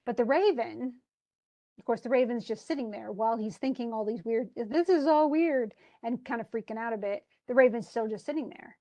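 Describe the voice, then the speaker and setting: A woman's voice: on the high side, a little fast, warm tone. A woman teaching a literature class, explaining a poem in a chatty way with frequent restarts. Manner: chatty, restarts often, paraphrases casually. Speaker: English literature instructor.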